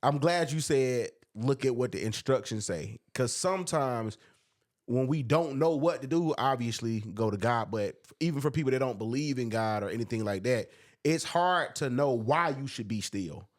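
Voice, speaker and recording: A man's voice: mid-range voice, expressive, normal speed, dry recording, clean studio sound. A man co-hosting a faith podcast, reading scripture aloud and breaking it down in casual, slangy talk. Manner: preachy, reads scripture aloud, drawls with slang. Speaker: podcast co-host.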